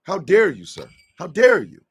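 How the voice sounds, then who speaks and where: A man's voice: high voice, huge pitch swings, normal speed, husky. A man hosting a casual live stream, scolding a troll in mock indignation and tacking "sir" onto his lines.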